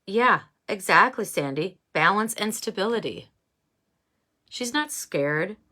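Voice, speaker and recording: Slow, musing woman reading oracle cards. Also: mid-range voice, animated, pushed and bright. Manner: musing, halting, many fillers. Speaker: oracle card reader. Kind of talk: casual spiritual card reading.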